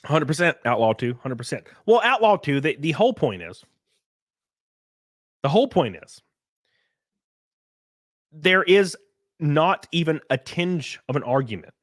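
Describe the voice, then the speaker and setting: Animated man hosting a livestream. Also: a little high, unhurried, pauses often, dry recording, clean studio sound. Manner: animated, swears, mocks critics in put-on voices. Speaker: livestream host. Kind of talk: casual livestream chat reading super chats.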